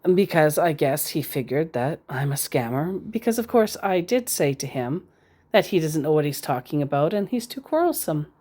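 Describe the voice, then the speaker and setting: Low-voiced chatty sarcastic woman. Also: big pitch swings, normal speed, mellow. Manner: chatty, sarcastic, rambling asides. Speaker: scambaiter reading scam chats. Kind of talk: casual commentary reading messages.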